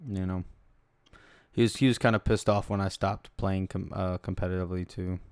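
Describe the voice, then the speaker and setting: A man's voice: sits low, steady tone, normal speed, clean tone, no room sound. A young adult man hosting a podcast, rambling through stories in a loose, profane, casual way. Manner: rambling, profane, laid-back storytelling. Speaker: podcast host. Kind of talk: casual solo podcast chat.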